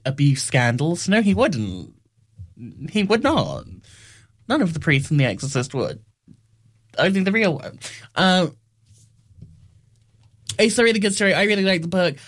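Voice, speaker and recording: Wry, rambling man reviewing a film. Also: a little high. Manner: rambling, wry, self-correcting. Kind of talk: casual spoken review.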